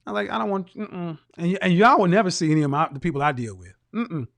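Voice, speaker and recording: A man's voice: a little high, animated, fast, vocal fry, fairly bright tone. A man hosting a live stream, reading viewer comments aloud and mocking them with teasing rhetorical questions and bursts of laughter.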